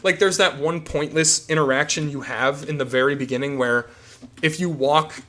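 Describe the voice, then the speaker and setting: A man's voice: a little high, moderate pace, a bit bright. A young man streaming a game, rambling and swearing as he rants. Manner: rambling, profane ranting. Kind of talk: casual game chat.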